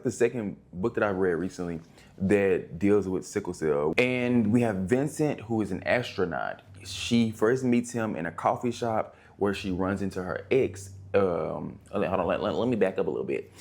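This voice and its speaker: A man's voice: on the low side, lively intonation, moderate pace, a little mellow. A young man casually reviewing books, chatty and rambling, full of slang. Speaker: book reviewer. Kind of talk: casual book review vlog.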